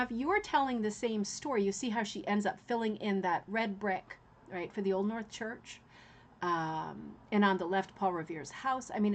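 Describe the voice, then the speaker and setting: Woman host, casual history chat to viewers, filler-heavy and conversational. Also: medium pitch. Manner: chatty, many fillers and "right?" asides. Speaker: rug hooking channel host.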